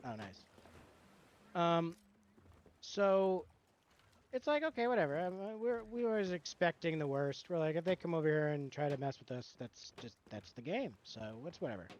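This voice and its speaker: A man streaming, casually telling a gaming story in an animated way, acting out both sides of the exchange and swearing freely. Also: fairly high pitch, normal speed, dull audio, a little hiss or hum.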